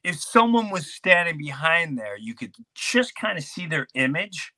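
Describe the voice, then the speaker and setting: A man's voice: on the high side, very animated, moderate pace, bright, forceful tone, dry recording. A middle-aged man, a podcast host and comedian, telling a childhood story with lots of energy and acted-out sound effects. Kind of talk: animated storytelling chat.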